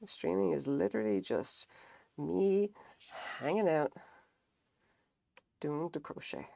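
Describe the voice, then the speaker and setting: A woman's voice: sing-song, slow, vocal fry, long pauses, mellow, no echo. Tired, rambling woman streaming with crochet. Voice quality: swears casually. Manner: rambling, self-deprecating, acts out quotes in higher voices. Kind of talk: casual live-stream chat while crocheting.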